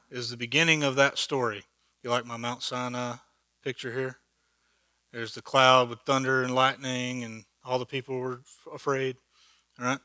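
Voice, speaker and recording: Lively, chatty male Bible study teacher. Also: medium pitch, clean tone, dry recording. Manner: animated, chatty, keeps checking in with listeners; acts out quoted speech with humor. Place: church meeting room.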